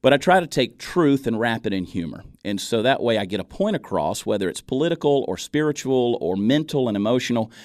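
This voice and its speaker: Fast-talking man with a softened Southern accent. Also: mid-range voice, no echo, studio quality. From Georgia, US. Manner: animated storyteller, folksy. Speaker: guest, comedian and video creator. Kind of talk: casual radio interview. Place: radio studio.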